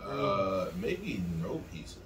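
Boastful male wrestler guest, lowish voice, echoey room, distant mic. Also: sing-song, drawn-out words. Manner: confident, boastful. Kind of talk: casual interview chat. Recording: echoey room from far off with faint noise.

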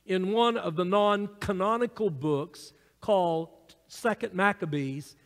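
A man's voice: high-pitched, big-room sound. A man preaching a sermon as pastor to his congregation, teaching from his notes with a few fillers and side remarks. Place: church sanctuary.

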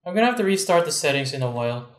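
A man's voice: a little high, very animated, very fast. A man playing a team shooter with friends, giving matter-of-fact directions and grumbling curses in casual chat. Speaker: gamer. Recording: echoey room with mouse clicks.

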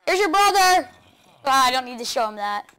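High, bouncy woman gaming host. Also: brisk, clean tone. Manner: excitable, chatters to game animals, laughs often. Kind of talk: video game let's play commentary.

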